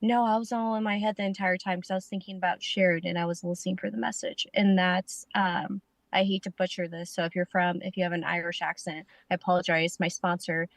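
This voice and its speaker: A woman's voice: on the low side, level tone, a little fast, no room sound. A woman sharing at a recovery meeting from her parked car over a video call, rambling and self-deprecating with jokes. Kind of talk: casual recovery meeting share.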